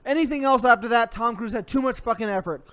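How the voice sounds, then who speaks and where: A man's voice: extremely high pitch, quick pace, fairly bright tone, smooth. A man hosting a comedy show, ranting angrily and swearing constantly, with mock threats. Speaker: host. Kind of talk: comedic profane rant.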